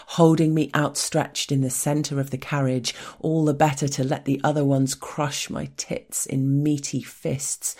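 A woman reading a first-person story in a hushed, intimate voice that often drops close to a whisper. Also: rumbling low.

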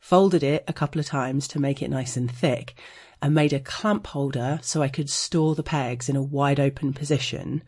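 Frank British woman with a husky tone, reading her own erotic story with dry humour. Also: very deep voice, a little mellow. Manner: frank and wry, slowing to intimate detail. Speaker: sex blogger.

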